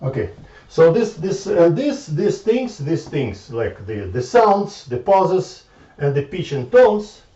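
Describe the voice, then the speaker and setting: A man's voice: on the high side, sing-song, dark tone. Man lecturing in an echoey room. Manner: halting, repeats words, thinks aloud at the board. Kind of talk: informal math lecture. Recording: echoey room from far off, dull lo-fi sound.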